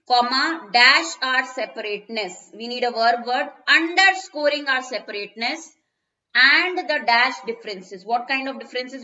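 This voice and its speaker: Indian woman tutor, bright and fairly high, explaining vocab over dull lo-fi stream audio. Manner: explains word meanings step by step, mixing in Hindi. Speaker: English teacher. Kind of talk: live online exam-prep lesson. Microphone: phone.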